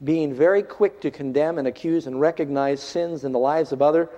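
A man's voice: a little high, fairly quick. Preaching man in an echoing hall. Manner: animated preaching, swings from loud to hushed. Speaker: pastor. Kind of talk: sermon. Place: large hall, in front of a congregation. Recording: dull lo-fi recording in a reverberant hall.

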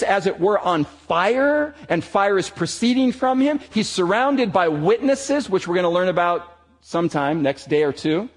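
Man, sermon, high-pitched, emphatic, slows on key words. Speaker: preacher.

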